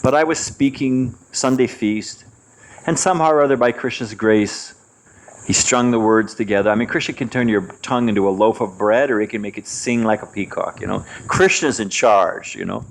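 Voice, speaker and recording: A man in his sixties giving a devotional class, an animated storyteller who swings his pitch and chuckles between points. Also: normal speed, slight background noise. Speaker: spiritual teacher.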